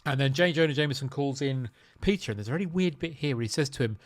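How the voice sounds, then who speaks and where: A man's voice: medium pitch, animated. A man hosting a podcast, chatting casually and dryly about a film, with jokey asides. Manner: dry, jokey, slips into quick impressions. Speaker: podcast host. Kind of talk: casual film-review chat.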